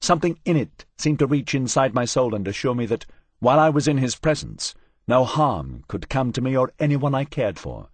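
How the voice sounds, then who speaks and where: Husky male narrator, lively pitch, dry close sound. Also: normal speed, no room sound. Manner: wry, expressive first-person telling. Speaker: audiobook narrator. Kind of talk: scripted narration.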